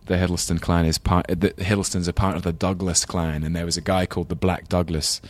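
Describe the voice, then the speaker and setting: A man's voice: sits low, little pitch movement, fairly quick, darkish tone. A man with a London English accent, chatting as an interview guest, thoughtful and rambling, with self-deprecating laughs. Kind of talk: casual interview chat.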